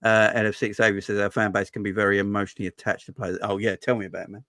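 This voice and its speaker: A man's voice: on the low side, level tone, very fast, a bit bright, no room sound, studio quality. A man hosting a casual football fan livestream, chatty and joking, often restarting his sentences. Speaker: fan channel host. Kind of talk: casual live stream chat.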